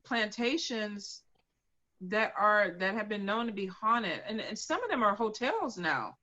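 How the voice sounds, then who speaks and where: Speaking unhurriedly at a medium pitch, this co-host tells animated stories in a casual chat, voicing the quotes of others. The recording has its highs cut off.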